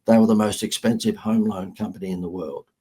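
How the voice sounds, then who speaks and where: A middle-aged man with an Australian accent, a guest on an interview show, telling lively anecdotes with sarcastic humor. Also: on the low side, brisk, slightly rough. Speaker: guest, marketing consultant. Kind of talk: storytelling interview chat.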